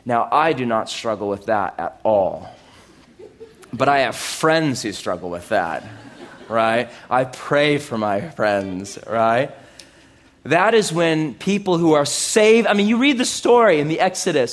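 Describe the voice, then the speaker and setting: A man preaching a sermon in an animated way, with loud exclamations, hushed asides and sarcastic, self-mocking humor. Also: medium pitch, measured pace. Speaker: pastor.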